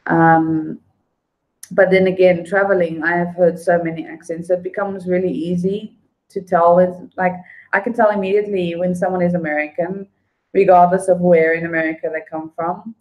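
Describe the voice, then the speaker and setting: A woman's voice: lowish voice, little pitch movement, normal speed, dull audio. Chatty woman livestreaming. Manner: chatty and friendly, greeting viewers by name. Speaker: livestream host. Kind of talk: casual livestream chat, reading viewer comments.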